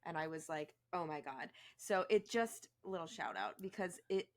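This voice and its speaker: A woman with a notably low voice, a guest on a podcast. She talks in a candid, chatty, reflective way. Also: very animated, normal speed. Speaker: podcast guest, co-host of another show. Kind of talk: podcast conversation.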